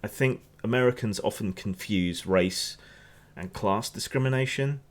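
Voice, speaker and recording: A man from England with a Hampshire accent gives casual, opinionated news commentary on a stream. His voice is fairly low and a little slow, and he rambles and restarts often.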